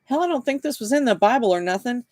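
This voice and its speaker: A man's voice: very high voice, expressive, fast talker, no room sound, clean studio sound, pitched above the performer's own voice. A man reading aloud voices a cheerful, simple-minded young male suspect who drawls in loose street grammar. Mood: grinning.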